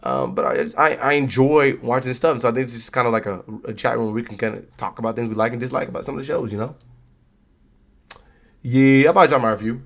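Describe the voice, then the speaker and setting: A young man talks straight to his chat in a relaxed, slangy way, riffing loosely like a streamer hanging out with viewers. His voice sits at an ordinary middle pitch for a man, and he keeps it casual and conversational. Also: quick pace. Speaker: streamer reacting to wrestling.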